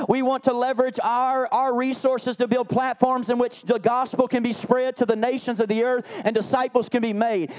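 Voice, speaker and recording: A male pastor delivering a sermon, moving between loud, emphatic declarations and quiet storytelling. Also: very high voice. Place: church.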